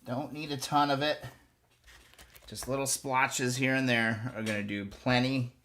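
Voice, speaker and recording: A man's voice: mid-range voice, fairly even intonation, unhurried, sharp tone. A man hosting a live stream, chatting casually and coaching viewers step by step through a hands-on task. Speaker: host of a motorcycle restoration live stream.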